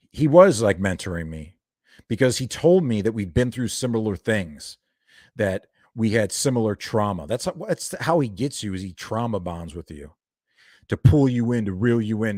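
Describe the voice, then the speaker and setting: A man's voice: fairly low pitch, animated, moderate pace, darkish tone, dry recording, clean studio sound. A young man doing a heated, profane reaction video, ranting and calling people out. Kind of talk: angry reaction commentary.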